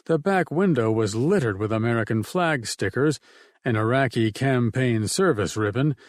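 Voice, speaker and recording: A man narrates an audiobook in a steady, measured way, reading from a script. His voice is medium-pitched, and the recording is dry and of studio quality.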